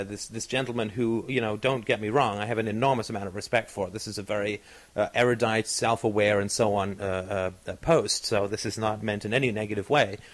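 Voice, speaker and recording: A man hosting a podcast in casual chat, talking in a discursive, analytical way with many fillers and restarts. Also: mid-range voice. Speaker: podcast host.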